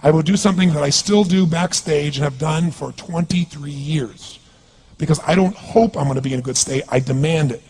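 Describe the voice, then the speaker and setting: A man's voice: fairly high pitch, fairly quick, a little mellow, slight background noise. A man giving an intense, commanding motivational speech on stage and calling for responses from the audience. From California. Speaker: motivational speaker.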